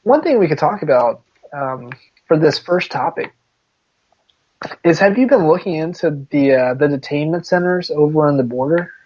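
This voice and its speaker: A man's voice: fairly high pitch, animated, moderate pace, a little mellow. A man co-hosting a podcast in casual chat, rambling and laid-back, laughing often. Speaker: podcast co-host. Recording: dull lo-fi podcast audio.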